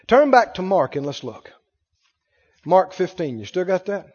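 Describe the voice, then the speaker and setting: Fervent high-voiced preacher, echoey hall. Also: male voice, very animated, unhurried, darkish tone, slightly rough, muffled recording. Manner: fervent, call-and-response with congregation. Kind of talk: sermon.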